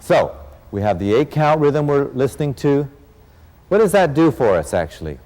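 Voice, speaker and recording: A man's voice: medium pitch, big pitch swings, normal speed, darkish tone, big-room sound. A man teaching a dance lesson as an instructor, counting beats aloud and encouraging his students. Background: rumba music.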